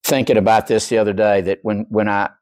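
A man preaching a sermon, acting out quoted voices and dropping from loud to near whisper. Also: on the low side, fairly even intonation, fast, no echo. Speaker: pastor.

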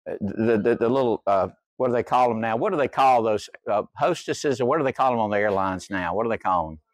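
A man's voice: lowish voice, fast talker, no room sound. An older man preaching a sermon, telling a humorous story in a folksy way. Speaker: pastor.

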